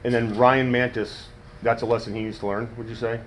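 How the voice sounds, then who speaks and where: A man coaching wrestling promos in casual, animated talk, demonstrating cadences and coaxing a student. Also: mid-range voice, brisk, a little hiss or hum. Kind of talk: casual teaching. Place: wrestling school training room. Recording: echoey room from far off.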